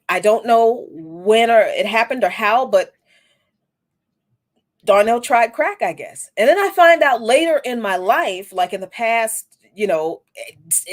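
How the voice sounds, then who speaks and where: Host, woman in her forties, fairly high voice, candid reflective storytelling, swears casually. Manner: reflective, candid, with frequent restarts and casual profanity. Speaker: podcast host. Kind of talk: personal storytelling monologue.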